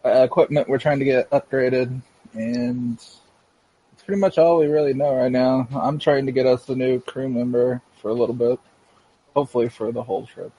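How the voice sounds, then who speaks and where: A man playing a tabletop game, speaking hesitantly and softly. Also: mid-range voice, fairly even intonation, moderate pace, breathy edge, no room sound, low-quality recording. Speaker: player. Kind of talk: casual tabletop play.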